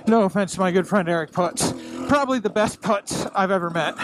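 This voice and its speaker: A man's voice: sits high, brisk. A man talking to himself while riding a dirt bike on a wooded trail, out of breath, profane and self-mocking. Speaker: dirt bike racer vlogging. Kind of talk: casual self-talk commentary while riding. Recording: loud engine noise behind the voice.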